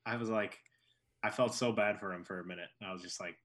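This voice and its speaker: A man's voice: fairly low pitch, steady tone, brisk, a bit bright. A man co-hosting a podcast, chatting casually and eagerly. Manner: eager, enthusiastic. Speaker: podcast co-host.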